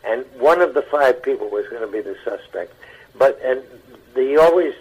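An older man, an actor, telling stories in an interview in a halting way that repeats words. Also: medium pitch, lively intonation, a little mellow, slightly rough. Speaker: actor as guest. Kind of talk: anecdotal interview talk. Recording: dull lo-fi radio broadcast.

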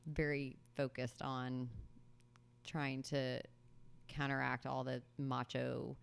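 Low, gravelly woman with firm opinions. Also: flat delivery, slow. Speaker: podcast co-host, mother of two boys. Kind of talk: casual chat.

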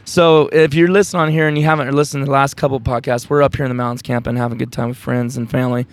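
A man hosting a casual podcast while camping in the mountains, talking in a rambling, relaxed way with lots of fillers. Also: mid-range voice, racing. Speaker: podcast host.

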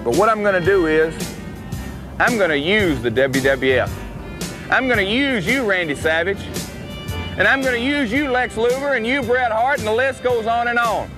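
A man's voice: sits high, lively intonation, moderate pace, pitched above the performer's own voice. A man playing a cocky twangy Tennessee wrestler boasting. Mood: gloating. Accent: Southern US, Tennessee. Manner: boastful, sneering, twangy drawl. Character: cocky young male wrestler, would-be country star. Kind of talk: archival promo vignette. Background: country guitar music.

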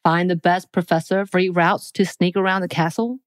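A woman's voice: on the low side, little pitch movement, moderate pace, no echo. Playful woman co-hosting a podcast. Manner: playful, teasing quizmaster. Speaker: podcast co-host. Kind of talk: casual chat.

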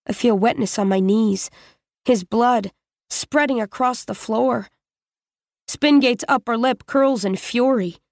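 Slow, high-voiced woman narrator. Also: no room sound, clean studio sound. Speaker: audiobook narrator. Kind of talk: first-person scripted story narration.

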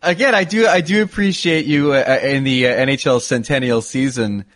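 A man's voice: mid-range voice, moderate pace, a bit bright, no room sound. A man hosting a podcast with wry, teasing humour. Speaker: podcast host. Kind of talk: podcast chat.

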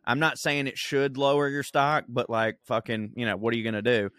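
A man's voice: medium pitch, flat delivery, brisk, a bit bright, dry recording. Laughing, foul-mouthed podcast guy. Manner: crude, laughing storyteller reading quotes aloud. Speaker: podcast co-host. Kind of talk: casual podcast chat.

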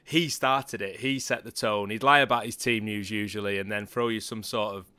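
A man, hosting a podcast in a measured, broadcaster-like way. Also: on the low side, steady tone, pushed and bright, clean tone, no room sound. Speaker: podcast host. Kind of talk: podcast chat.

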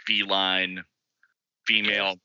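Low-voiced man, sharp tone, dry lo-fi mic; casual podcast co-host. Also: flat delivery, takes it slowly, smooth, no echo. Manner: laughs easily, explains comic history conversationally. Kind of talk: casual chat.

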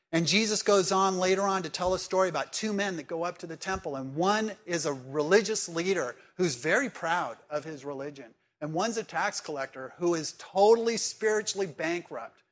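A pastor delivers a sermon in a voice slightly higher than usual, speaking to his congregation conversationally and pressing them with direct questions. His delivery swings between emphatic and hushed.

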